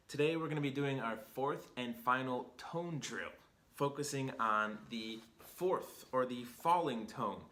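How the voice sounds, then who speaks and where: Brief: male language teacher, bright tone, patient explainer, echoey room. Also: medium pitch. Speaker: Chinese teacher and host. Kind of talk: video lesson explanation. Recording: roomy echo.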